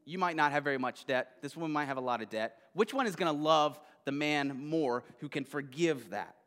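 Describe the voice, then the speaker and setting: A man voicing a calm male teacher in a scripture story, who puts plain questions while telling a parable. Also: on the high side, fairly quick, long reverb tail, lightly acted. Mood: questioning.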